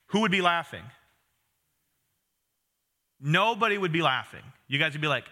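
A man's voice: on the high side, big pitch swings, normal speed, long pauses, bright, forceful tone. A man in his thirties preaching a conversational sermon, with self-deprecating humor and asides to the congregation. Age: 30s. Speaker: pastor.

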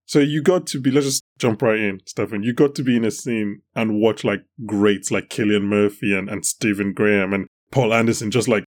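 A man's voice: fairly low pitch, steady tone, moderate pace, hardly any pauses. Casual male podcast host. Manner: casual, filler-heavy questioning. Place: pub.

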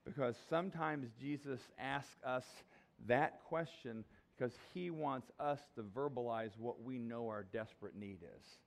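A man's voice: mid-range voice, unhurried. A male pastor preaching a sermon in a conversational, jokey, emphatic way.

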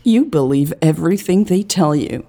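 A woman's voice: sits low, animated, normal speed, warm tone, faint music behind. A woman reading the lines of a grieving, hostile woman in an audiobook, sneering and confrontational. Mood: bitter, accusing.

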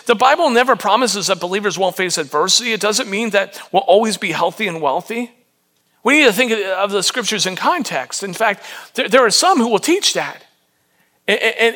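A man with a high-pitched voice preaches to his congregation in a loose, conversational way. He reads scripture, then talks it through, often repeating and restarting his words. His tone is bright and forward, and he keeps asking the listeners questions. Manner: frequent repetitions and restarts. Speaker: pastor. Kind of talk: sermon.

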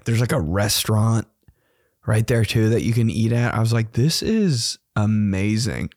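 A man's voice: on the low side, animated, a little slow, a little mellow, no echo, studio quality. A young man hosting a podcast, telling a story in a casual, profane, slangy way and laughing often. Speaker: podcast host.

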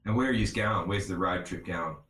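An Australian man hosting a casual podcast chat, relaxed, swearing freely and laughing often. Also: low-pitched, brisk, roomy sound. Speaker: podcast host.

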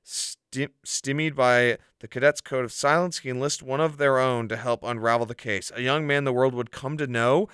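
Male podcast host, lively and chatty, clean voice, dead-dry sound. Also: mid-range voice, moderate pace, few pauses, smooth, dry recording. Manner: chatty, animated, lots of "like". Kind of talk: casual podcast chat, reading news.

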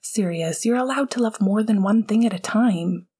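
A woman voicing a gentle, devoted young man comforting his partner in a whispered role-play, soft and earnest. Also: medium pitch, moderate pace, husky, voice pushed up, close to an everyday voice. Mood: soothing.

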